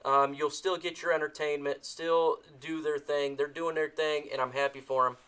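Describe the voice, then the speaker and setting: A man's voice: a little high, flat delivery, moderate pace, a bit bright, clear, resonant tone. A man hosting a casual live sports stream, tired after a long day, emotional and repeating his phrases. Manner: emotional, repeats himself, ends lines with "man". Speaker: sports channel host.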